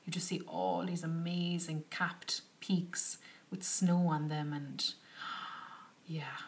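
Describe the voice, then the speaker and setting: A young woman telling a travel story to her viewers in a chatty, animated way, full of "like" and "do you know". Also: sits low, slow, gravelly. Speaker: travel vlogger. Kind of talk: casual travel storytelling to camera. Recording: slightly distant from the mic.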